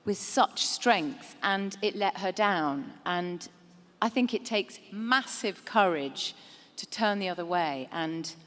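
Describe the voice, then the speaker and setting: A woman actor on a fan-convention panel, speaking earnestly with halting restarts and laughing as she tells stories. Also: medium pitch, expressive, fairly bright tone, a little hiss or hum. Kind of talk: reflective panel talk. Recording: reverberant convention hall.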